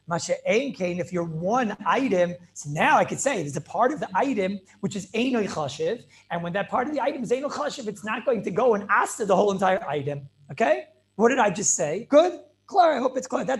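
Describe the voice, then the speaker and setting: A man teaching a Talmud class over a video call as a rabbi, emphatic and repetitive, with Hebrew and Yiddish terms mixed into his English. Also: sits high. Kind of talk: animated Torah lecture.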